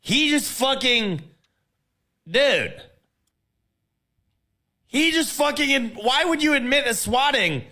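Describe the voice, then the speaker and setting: A man's voice: extremely high pitch, animated, slow, long pauses, sharp tone. A man mocking someone in a profane, taunting way.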